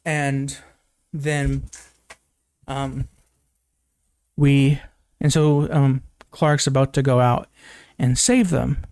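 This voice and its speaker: A man's voice: steady tone, slow pace, darkish tone, no echo, clean studio sound. A young man casually recapping a film as a reviewer, rambling with many fillers and restarts, laughing and swearing now and then. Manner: rambling, many fillers and restarts, jumps high when quoting characters. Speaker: movie reviewer. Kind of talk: casual spoken movie recap.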